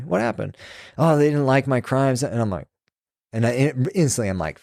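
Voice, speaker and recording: Profane ex-prison sergeant telling stories. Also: male voice, medium pitch, expressive, brisk, creaky, a little mellow, no echo, studio quality. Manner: loose and profane, acts out quoted dialogue. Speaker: former prison sergeant, podcast guest. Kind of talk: casual storytelling conversation.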